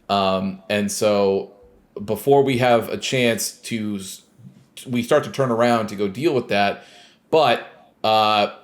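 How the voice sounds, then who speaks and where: A man co-hosting a podcast, casually retelling a video game scene with lots of fillers and quoted lines. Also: fairly low pitch. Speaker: podcast co-host. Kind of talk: casual chat recapping a game.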